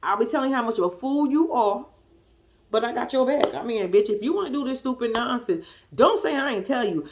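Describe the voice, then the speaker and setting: A woman talks through a reality TV episode with plenty of sass, acting out each person's lines as she goes. Her voice sits a little high and swings widely up and down. It is a lively, casual recap aimed at her viewers. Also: a little fast, noisy background. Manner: sassy, animated, acts out the cast's lines. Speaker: reality TV commentator.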